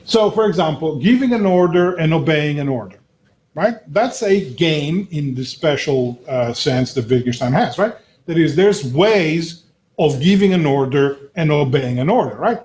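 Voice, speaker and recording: A middle-aged man lectures a university class, his voice sitting a touch higher than most men's. He keeps checking in with his listeners and pauses on filler sounds as he works through his points. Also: expressive, darkish tone. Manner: frequent "okay?" and "right?" checks, many filler uhs.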